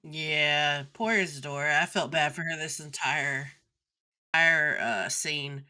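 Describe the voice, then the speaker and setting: Bright low-voiced young woman cohost. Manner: quick agreeing interjections, laughs along. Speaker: podcast co-host. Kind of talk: casual fan chat.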